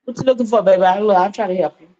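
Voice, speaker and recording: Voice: medium pitch, very fast, mellow, dull audio. A panelist in a history discussion, explaining in a conversational way.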